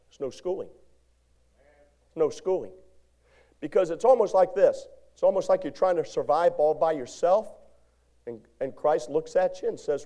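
A male pastor preaching a sermon in a church, animated, moving from shouts to hushed lines and calling out to the congregation. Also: on the high side. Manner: call-and-response exhortation to congregation. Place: church sanctuary.

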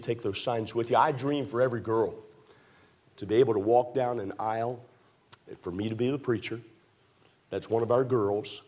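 A man preaching a fervent sermon in a church, with a repetitive, rising cadence that climbs toward near shouts. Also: mid-range voice. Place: church sanctuary.

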